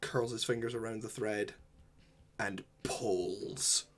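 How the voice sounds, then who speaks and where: A man narrating a tabletop role-playing game as game master, describing scenes slowly and deliberately. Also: lowish voice, steady tone, faint music behind.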